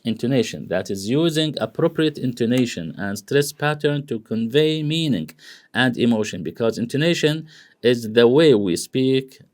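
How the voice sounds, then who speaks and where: A man giving a university lecture in English, rambling, full of "you know" and "okay" checks, swinging his pitch wide to act out example phrases. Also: a little mellow. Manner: acts out intonation examples with big pitch swings. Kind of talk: classroom lecture.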